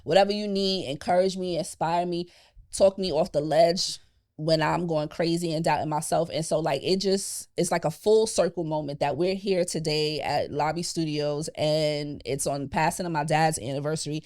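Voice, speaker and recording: A young adult woman hosting a podcast in a studio, chatting in an animated, emotional way. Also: deep voice, normal speed. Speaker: podcast host. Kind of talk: casual heartfelt chat.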